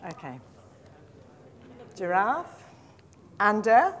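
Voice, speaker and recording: In a conference room, a middle-aged woman runs a live teacher-training session that demonstrates storytelling with flashcards. She's upbeat and supportive, praising her audience and stretching out words as she says them again, her voice at a medium pitch.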